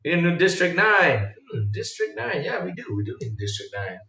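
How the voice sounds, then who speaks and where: A male podcast host chatting casually on a livestream and reacting to viewer comments, excitable and rambling, swinging between low mumbles and loud outbursts. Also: normal speed, vocal fry. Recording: roomy sound from a distant mic.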